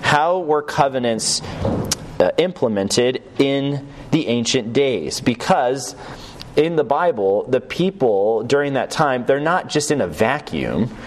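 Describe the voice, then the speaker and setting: A man's voice: medium pitch, expressive, slow, a little hiss or hum. A man teaching a recorded Bible lesson in a conversational way, often checking in with "right?" and "yes?" and restarting his sentences as he goes. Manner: loose, with restarts and fillers.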